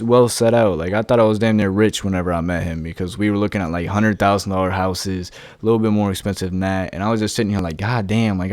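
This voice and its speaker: A young man from West Virginia tells a personal story with casual, profane ease. His voice sits a little low and comes through smooth and clear. The recording is close and dry. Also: a little mellow, dry recording. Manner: loose, profane and laid-back, acting out quoted voices. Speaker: vlogger.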